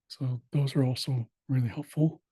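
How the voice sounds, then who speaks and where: Mellow, husky-voiced man teaching a class. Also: medium pitch, no echo. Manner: plain, steady, with frequent fillers and pauses. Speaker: language instructor. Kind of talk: online class screen-share walkthrough.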